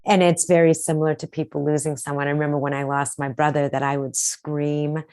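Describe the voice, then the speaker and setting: A woman host with a notably low voice talks reflectively with her guest. She is empathetic and steers the conversation with probing questions. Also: little pitch movement, brisk, a little mellow. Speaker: podcast host. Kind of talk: conversational interview.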